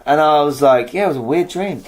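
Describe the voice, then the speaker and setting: A man's voice: fairly high pitch, lively intonation, fairly quick, darkish tone. A young man co-hosting a podcast, rambling through a story with casual chat. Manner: rambling storytelling with fillers and restarts. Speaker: podcast co-host.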